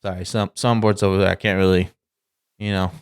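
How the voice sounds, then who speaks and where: A man's voice: sits low, level tone, fairly quick, smooth. A man in his thirties co-hosting a casual podcast, rambling with many restarts and swearing as he talks. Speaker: podcast co-host.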